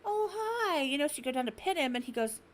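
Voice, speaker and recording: Speaking very fast in a high-pitched voice over slight background noise, a woman in her thirties hosts a podcast. She's an animated storyteller whose casual chat is full of swearing.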